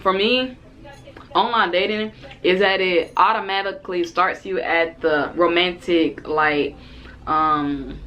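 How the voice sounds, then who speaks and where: A woman in her twenties, a vlogger telling a story casually to the camera and acting out what both people said. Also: medium pitch. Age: 20s. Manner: animated, acts out both sides of the date in quotes.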